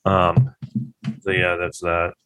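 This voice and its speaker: Man with a lowish voice for a chatty vlog, loose and sarcastic, heavy on fillers. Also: monotone, slow pace, sharp tone, faint music behind. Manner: rambling, heavy use of filler words; sarcastic, incredulous. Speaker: vlogger giving trial commentary. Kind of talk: casual rambling commentary.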